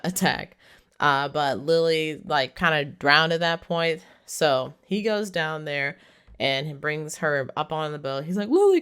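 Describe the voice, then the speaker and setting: A woman's voice: sits low, a bit bright, clear, resonant tone. A woman casually recapping a movie's plot, talking in a chatty way with lots of "like". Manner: chatty, heavy use of "like", laughs while retelling. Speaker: movie reviewer.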